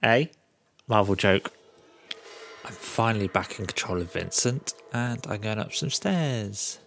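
A fairly low-voiced man recapping a game for his podcast. He talks casually and sarcastically and swears often. Faint music plays under him. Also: expressive, measured pace, creaky, a bit bright. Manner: sarcastic, swears freely, mocks the game's characters. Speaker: podcast host.

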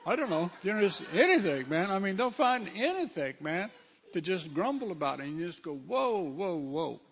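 A man's voice: high voice, very animated, a little fast, a bit bright. A man preaching a sermon in a conversational, emphatic way, with frequent asides.

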